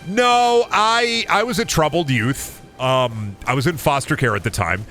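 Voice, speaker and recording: A man's voice: medium pitch, lively intonation, normal speed, pushed and bright, faint music behind. A young man streaming a game, chatting casually and profanely, rambling and singing silly chants to himself. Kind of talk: casual gaming stream chat.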